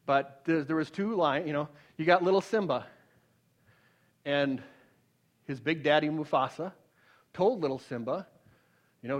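High-voiced emphatic male preacher. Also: measured pace, pauses often, muffled recording. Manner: swings from loud emphatic peaks to low hushed storytelling; repeats words when restarting. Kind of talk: sermon.

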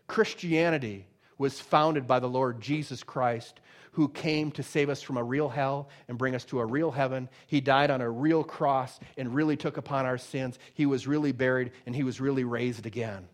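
A man preaching a sermon, emphatic and conversational, swinging between loud declarations and quiet asides. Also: medium pitch. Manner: emphatic preaching, rising and dropping in volume; conversational asides with many fillers. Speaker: pastor.

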